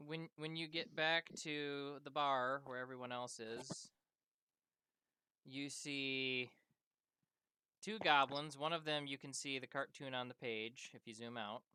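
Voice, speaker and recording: A game master running a tabletop game over voice chat, giving quick instructions and laughing often. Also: medium pitch, steady tone, bright, forceful tone, smooth, dry recording.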